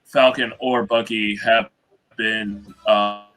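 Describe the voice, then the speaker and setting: A man's voice: fairly low pitch, level tone, slow pace, a bit bright, faint music behind, low-quality recording. A man co-hosting a casual reaction chat over a remote call, joking and laughing often. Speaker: podcast co-host.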